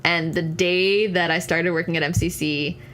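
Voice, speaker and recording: A young woman in her twenties speaks as a podcast guest, telling her own story in an earnest, candid way. Her voice sits on the lower side and she fills her sentences with casual "like"s. A faint hiss runs under the recording. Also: fairly even intonation, moderate pace, a bit bright. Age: 20s. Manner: earnest, candid, frequent "like" fillers. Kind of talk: conversational personal story.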